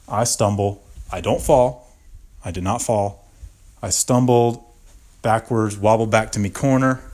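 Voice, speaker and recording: A young man hosting a podcast, telling a story casually and swearing freely. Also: lowish voice. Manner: profane, animated anecdote telling. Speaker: podcast host.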